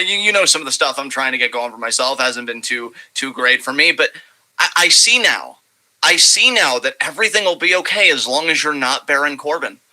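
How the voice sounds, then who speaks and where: A man's voice: fairly high pitch, sharp tone, rough recording. A young man co-hosting a wrestling podcast, ranting sarcastically and swearing freely in casual chat.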